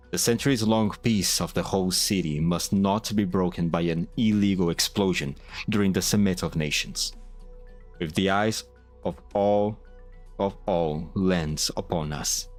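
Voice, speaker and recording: A man's voice: low-pitched, close to an everyday voice. A man doing a stern, formal older church official. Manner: grave, formal, measured delivery. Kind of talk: amateur reading of game dialogue.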